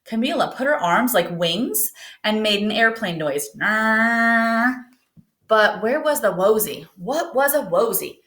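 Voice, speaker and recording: A woman teacher reading a picture book aloud to her students, gently asking them questions along the way. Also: on the high side, expressive, slow. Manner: gentle, asks children questions. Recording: roomy echo.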